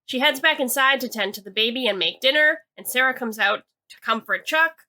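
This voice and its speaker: A woman's voice: high voice, lively intonation, brisk, pushed and bright. A young woman co-hosting a podcast, casually recapping a TV episode with lots of "like" and hedging. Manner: chatty, hedging with "like", reads quotes aloud. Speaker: podcast co-host.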